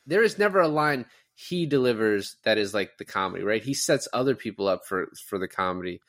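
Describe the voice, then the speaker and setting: A man co-hosting a podcast who talks quickly and argues his point in casual movie chat, trailing off with filler words. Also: fairly low pitch, animated, a bit bright. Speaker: podcast co-host.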